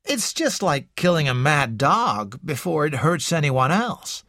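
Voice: medium pitch, sing-song, measured pace, a bit bright, no echo, clean studio sound, heavily acted. Reader voicing a tense, bitter young man. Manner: urgent, bitter, insistent.

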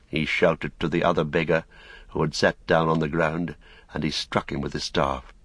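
A man narrating an audiobook in a measured, even storytelling manner. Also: very deep voice, husky, no echo. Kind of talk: scripted narration.

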